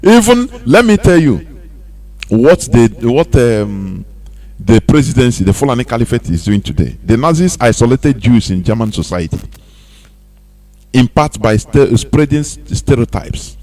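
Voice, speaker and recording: His voice is medium-pitched, mellow and sing-song, moving at a moderate pace. A Nigerian-accented radio host in a studio, he delivers a preachy, impassioned monologue of rhetorical questions with sing-song emphasis.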